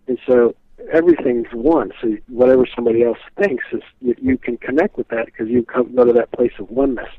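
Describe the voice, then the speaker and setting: A man's voice: medium pitch, no echo. A man telling stories as a guest in a casual interview, rambling and dotting his talk with fillers. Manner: rambling, many "you know" fillers. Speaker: guest speaker on a psychic's teachings. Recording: tinny phone line.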